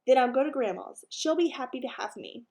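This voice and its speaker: A woman's voice: sits high, lively intonation, fairly quick, gravelly, a little mellow. A woman voicing a sulky, indignant schoolboy who is the older brother.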